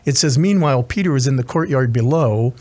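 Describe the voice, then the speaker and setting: A man's voice: medium pitch, expressive, a little fast, darkish tone. A man preaching as a chaplain, retelling a scripture story earnestly with frequent restarts and asides. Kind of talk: sermon.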